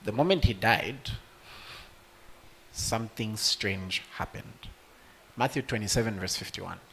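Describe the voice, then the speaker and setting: A man preaching a sermon to a congregation, rising to loud emotional peaks and speaking directly to his listeners. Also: lowish voice, measured pace, creaky, a little hiss or hum. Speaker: pastor.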